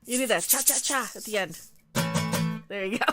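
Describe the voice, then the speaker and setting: A woman's voice: mid-range voice, moderate pace, over loud music. A woman hosting a casual livestream, chatty and laughing often as she tells stories. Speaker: livestream host.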